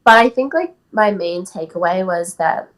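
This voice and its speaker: A woman's voice: lowish voice, expressive, normal speed, low-quality recording. Chatty young woman telling a story. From California. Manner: chatty, many "like" and "um" fillers. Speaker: guest athlete. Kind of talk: casual interview storytelling.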